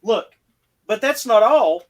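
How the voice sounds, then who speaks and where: A man's voice: high voice, animated, takes it slowly. A man co-hosting a casual podcast chat, rambling with restarts and wry asides. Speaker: podcast co-host.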